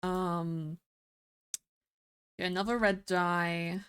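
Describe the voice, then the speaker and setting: A woman's voice: lowish voice, fairly even intonation, very slow, fairly bright tone, clear, resonant tone. A woman streaming a game, chatting casually, thinking aloud and laughing often.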